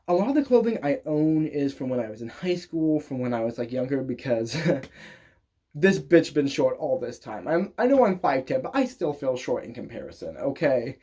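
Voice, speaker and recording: A man's voice: fairly high pitch, warm tone. A young man YouTuber chatting casually in his bedroom, crude and self-mocking as he jokes along. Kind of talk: casual vlog chat.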